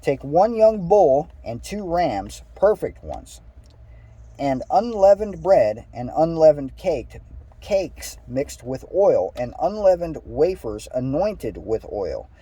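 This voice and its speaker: Male reader, very dark and a bit husky; casual scripture reading, trips on words, adds asides. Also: a little high, sing-song, slow, no room sound. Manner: reads aloud with stumbles and asides. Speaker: Bible reader.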